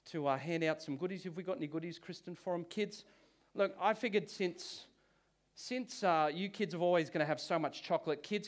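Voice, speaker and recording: Delivering a church sermon, this pastor speaks in a voice on the high side. His style is lively and conversational, and he restarts his sentences often.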